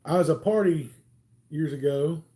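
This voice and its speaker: Mellow Southern man telling stories. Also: fairly high pitch, moderate pace. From Alabama, US. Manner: rambling, chatty, many "um"s. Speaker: channel host. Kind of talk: casual livestream storytelling.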